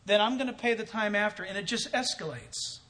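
A man's voice: high voice, expressive, brisk, background noise. A man telling a story in a sermon as a pastor, acting out both sides of a conversation and chuckling often.

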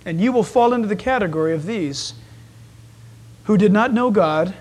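Male preacher, very high voice, lively storyteller who acts out voices. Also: normal speed. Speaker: pastor. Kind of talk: sermon.

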